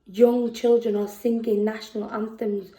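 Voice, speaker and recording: A woman with a Scouse accent performing spoken word poetry, slow and deliberate, with emphatic repetitions. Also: a little high, flat delivery, warm tone, roomy sound, poor audio. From England. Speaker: poet. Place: festival venue indoors.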